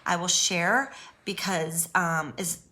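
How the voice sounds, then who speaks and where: A woman's voice: on the low side, slow pace, bright, forceful tone. A woman talking to camera in an unedited personal vlog, nervous and earnest, reassuring her viewers with lots of ums and restarts. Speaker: YouTuber speaking on abuse recovery.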